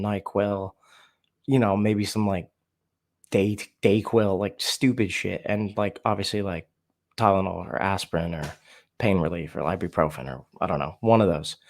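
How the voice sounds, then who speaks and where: A man candidly telling a painful personal story, raw and profane, halting and restarting his sentences. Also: low voice. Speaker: storyteller sharing recovery story.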